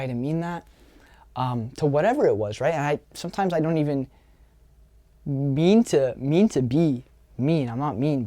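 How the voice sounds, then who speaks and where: Earnest man with a mellow voice. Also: medium pitch, no echo. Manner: earnest, repeats phrases for emphasis. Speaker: social skills coach. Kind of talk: explanatory self-help talk.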